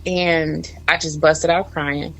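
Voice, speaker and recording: A woman's voice: low voice, level tone, slow, a bit bright, low-quality recording. A woman in her forties, a guest in a radio studio, telling a heartfelt story about motherhood while holding back tears. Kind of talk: emotional personal story.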